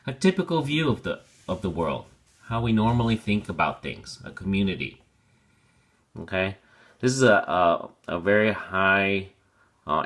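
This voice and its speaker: A man's voice: low-pitched, a bit bright. A man teaching a vocabulary lesson, patiently spelling out pronunciation and meaning with everyday examples. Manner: patient, explains slowly with examples.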